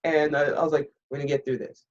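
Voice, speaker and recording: A woman's voice: deep voice, fast talker, slight background noise. A woman in her fifties, a retired military pilot, candidly telling a story on a podcast and acting out the dialogue. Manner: candid and blunt, animated retelling with quoted dialogue. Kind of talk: casual interview storytelling. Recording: slightly muffled, dull recording.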